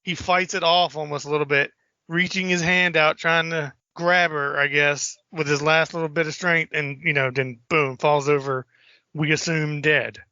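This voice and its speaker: A man's voice: fairly high pitch, little pitch movement, normal speed, bright, forceful tone, dry recording, highs cut off. A man co-hosting a podcast, loosely retelling film scenes in casual chat and swearing freely. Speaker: podcast co-host.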